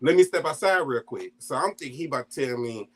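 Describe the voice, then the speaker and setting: A man shares a personal family story in a relaxed, conversational way, with a voice of ordinary pitch for a man. He laughs often between lines and slips into the voices of his family when he quotes them. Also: quick pace, breathy edge. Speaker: guest storyteller.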